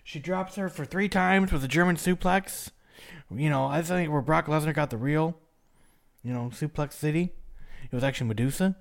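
A man's voice: fairly high pitch, moderate pace, gravelly. A man hosting a casual podcast chat, rambling through a recap with laughs and restarts. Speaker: podcast host recapping wrestling.

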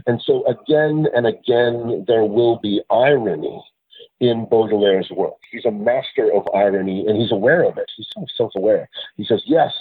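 A man as a poet and translator guest in a literary interview, explaining in a thoughtful way with pauses and restarts. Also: mid-range voice, husky, dry recording. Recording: tinny phone-line sound.

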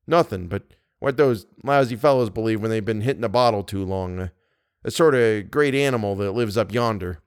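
Man putting on a nervous backwoods guide, rough folksy talk, hushed and dry. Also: on the low side, fairly quick, no room sound, lightly acted. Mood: uneasy. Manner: rough folksy speech, dropping to a fearful hush. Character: uneasy backwoods male Canadian guide.

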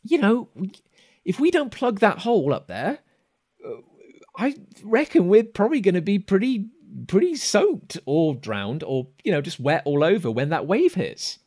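A man's voice: high-pitched, very animated, normal speed, a little mellow, voice pushed up. A man doing a cheeky, chummy rogue. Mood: wheedling. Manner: wheedling, blustery, chummy. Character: cheeky, matey male adventurer, chummy and shifty.

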